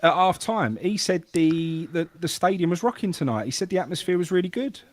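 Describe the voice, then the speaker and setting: A man's voice: sits high, expressive, brisk. A man co-hosting a live stream match reaction, blunt and weary about his team. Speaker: co-host.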